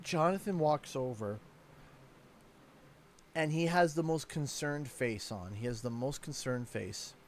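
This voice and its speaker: A Canadian man in his thirties chatting casually while playing a game, telling animated stories and laughing often. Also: mid-range voice, measured pace, long pauses, slight background noise. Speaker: gaming YouTuber.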